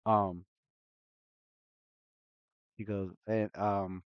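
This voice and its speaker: A man narrating as game master of a tabletop game on a livestream, talking in a halting way with frequent restarts. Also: on the low side, little pitch movement, clear, resonant tone, no echo, highs cut off. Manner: halting, full of fillers and restarts.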